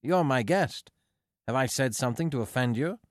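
A blunt, earnest seventeen-year-old boy, as a male narrator reads him in an audiobook. The voice is lively in pitch and recorded dry and close. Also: moderate pace, no room sound, lightly acted. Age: teens. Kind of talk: audiobook character voice.

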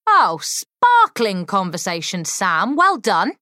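A woman voicing a sarcastic, sharp-tongued young woman who needles her brother. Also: high-pitched, big pitch swings, moderate pace, no echo, studio quality, pitched above the performer's own voice. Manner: sarcastic, muttering through clenched teeth.

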